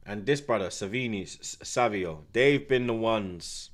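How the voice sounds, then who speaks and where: A man hosting a live football watchalong, talking in excitable, slang-heavy banter. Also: fairly low pitch, moderate pace. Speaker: host. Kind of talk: live match watchalong commentary.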